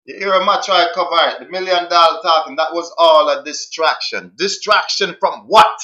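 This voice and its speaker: Bright-toned man commenting on a clip. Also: on the high side, a little fast. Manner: emphatic, repeats questions to drive a point. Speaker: streamer reacting to a clip. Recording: roomy, dull lo-fi sound.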